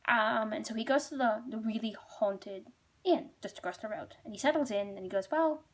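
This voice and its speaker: A woman's voice: medium pitch, fairly quick. A woman storyteller retelling a folk tale casually, chatty and rambling, with many asides.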